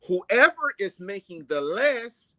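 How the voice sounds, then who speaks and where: A man's voice: high voice, very animated, slow pace, bright, forceful tone, dry recording. A man co-hosting a talk broadcast, speaking earnestly and calling his co-host brother. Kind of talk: casual talk show discussion.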